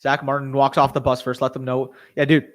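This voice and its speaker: A man's voice: mid-range voice, completely flat delivery, fairly quick. A young man hosting a casual live stream, reacting to events and talking to his chat. He swears freely and gets worked up. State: tired, hiccuping.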